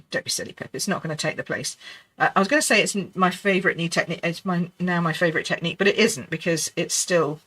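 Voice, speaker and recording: A middle-aged woman leads a live card-making lesson with a bright, clear voice. She chats warmly to her viewers, reassures beginners and laughs often, muttering to herself mid-task. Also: low-pitched. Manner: chatty, reassuring, laughs often, talks to herself while working. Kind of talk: live crafting demonstration.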